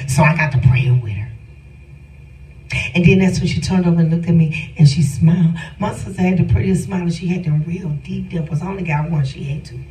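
A woman's voice: fairly low pitch, dark tone. Middle-aged woman telling an emotional testimony, emphatic, talks straight to the crowd, roomy sound from a distant mic. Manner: emphatic, addresses listeners directly. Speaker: storyteller giving a testimony.

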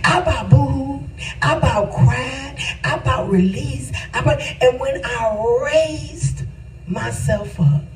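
A woman's voice: sits high, slow, reverberant, distant mic, slight background noise, low-quality recording. A woman pastor giving a casual spiritual testimony with an emphatic, repetitive, preacherly cadence.

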